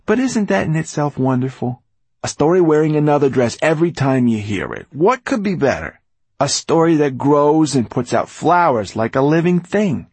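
A man's voice: mid-range voice, a little mellow, slightly rough, no echo, voice pushed up, exaggerated voice. Man doing a fiery old storyteller. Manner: impassioned, mocking. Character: passionate old male storyteller, scornful and lively.

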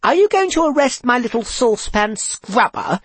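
A man putting on a syrupy, breathy scheming young woman. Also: unhurried, no room sound. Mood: syrupy, gleeful. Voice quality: low breathy voice. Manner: gushing, syrupy, mock-sympathetic. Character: sweetly scheming young woman, falsely concerned. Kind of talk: storybook reading.

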